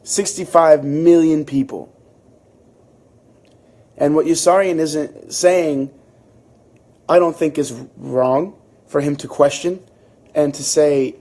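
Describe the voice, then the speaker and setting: A man hosting a book club, reading a novel aloud and then reflecting on it in a thoughtful, halting way, with frequent restarts. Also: a little high, fairly even intonation, dark tone. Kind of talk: reading aloud and casual commentary.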